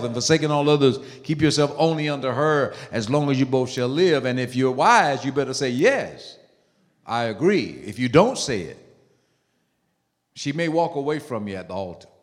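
A man preaching a sermon in an emphatic way, dropping to low murmurs and rising to loud high bursts. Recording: long hall reverb.

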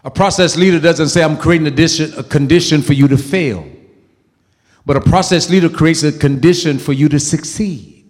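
A male pastor with a high voice preaching in a church with a long, ringing reverb. He hammers points home by repeating phrases and swings between loud bursts and soft asides. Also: brisk. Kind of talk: sermon.

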